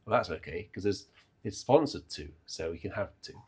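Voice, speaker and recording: British guy at the organ on a livestream, bit husky, joking around with the chat. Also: sits low, animated, normal speed, a little mellow. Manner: playful, teasing banter with viewers in the chat.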